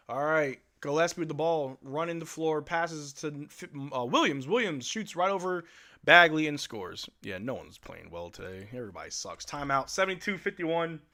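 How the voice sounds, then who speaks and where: A man's voice: on the high side, bright, forceful tone. A male live-stream host giving casual fan play-by-play commentary in a blunt, exasperated, slangy way.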